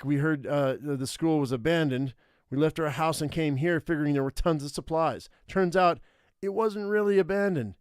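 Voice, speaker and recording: A man's voice: a little high, darkish tone, smooth, no echo, studio quality, voice pushed up, lightly acted. A man voicing an earnest, brave teenage boy in an interactive horror story, speaking urgently.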